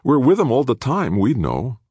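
A man's voice: lowish voice, animated, fairly quick, warm tone, dry recording, pitched above the performer's own voice. A man voicing an anxious, outspoken young woman who speaks emphatically. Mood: alarmed, emphatic. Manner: alarmed, emphatic.

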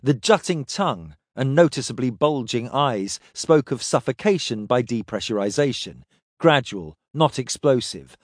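A man reading a science fiction story aloud in steady, descriptive narration. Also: medium pitch, moderate pace, no room sound, studio quality. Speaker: audiobook narrator.

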